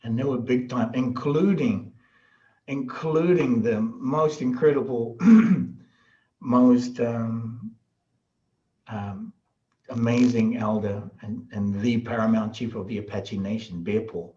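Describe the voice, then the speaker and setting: A middle-aged man, a podcast guest and shaman, telling stories in a casual, animated way, laughing often and acting out the voices of people he quotes. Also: medium pitch, slow, lo-fi sound. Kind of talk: casual storytelling.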